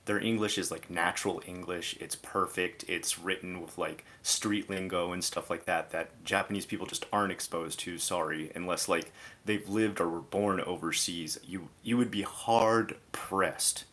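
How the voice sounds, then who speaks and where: A man's voice: deep voice, steady tone, normal speed, fairly bright tone. A man streaming live, giving a casual, exasperated commentary rant that is full of "like" fillers.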